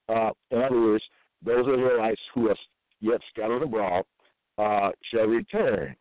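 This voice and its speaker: Man, preaching, slow deliberate verse reading, tinny phone-like sound, dry close audio. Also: mid-range voice, no echo. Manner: reads verses slowly with repeated asides. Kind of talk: scripture-reading sermon.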